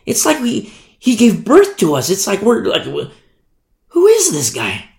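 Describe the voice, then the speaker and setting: Animated gravelly man preaching, echoey room. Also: high-pitched, measured pace. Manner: animated, conversational, acts out little scenes. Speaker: Bible teacher. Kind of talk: sermon.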